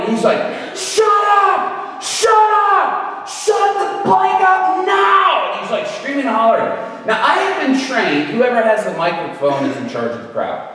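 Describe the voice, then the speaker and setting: Animated storytelling preacher man. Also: high-pitched. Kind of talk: storytelling sermon. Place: event venue. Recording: echoey hall from far off.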